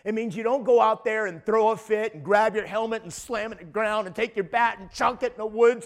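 Male pastor with a high voice, preaching emphatically with many restarts. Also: fairly quick, few pauses. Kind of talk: sermon.

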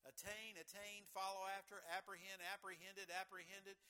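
A middle-aged man, a pastor, preaching a sermon in an earnest way, with loud emphatic lines and quiet asides. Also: sits high, little pitch movement, moderate pace.

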